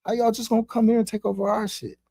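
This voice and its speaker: A man voicing an angry, territorial ancient male god in a higher, strained voice. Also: flat delivery, quick pace, dark tone, dry recording, clean studio sound. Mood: indignant. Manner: indignant, profane, confrontational.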